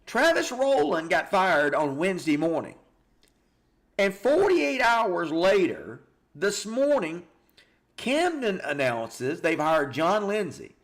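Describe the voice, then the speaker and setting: A man hosting a live high school football show, reading scores and viewer comments in a casual, animated way. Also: slow. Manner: chatty and animated, reacting aloud with stunned exclamations and repeated words.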